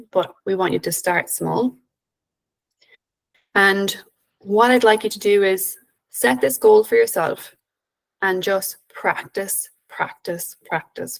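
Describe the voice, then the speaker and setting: Gravelly-voiced woman presenting calmly. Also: medium pitch, poor audio. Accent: Irish. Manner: gentle, guiding, with filler "um"s and restarts. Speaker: behaviour analyst presenter. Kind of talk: online conference presentation.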